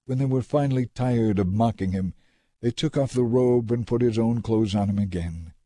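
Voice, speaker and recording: A man narrating scripture in a measured, dramatic reading. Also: medium pitch, mellow, no room sound.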